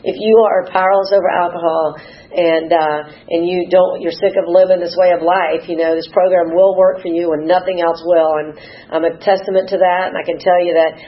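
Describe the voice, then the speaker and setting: A woman's voice: lowish voice, level tone, normal speed. Brief: woman, 50s, emotional testimony, teary and rambling, lo-fi sound. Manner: emotional, rambling, acts out quoted dialogue. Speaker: recovery meeting speaker. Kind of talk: personal testimony.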